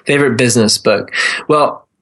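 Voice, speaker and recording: A man's voice: medium pitch, normal speed, a bit bright. A man in his thirties, a podcast guest, answering earnestly in a casual interview with many restarts. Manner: earnest, with frequent restarts and fillers. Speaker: podcast guest, real estate investor.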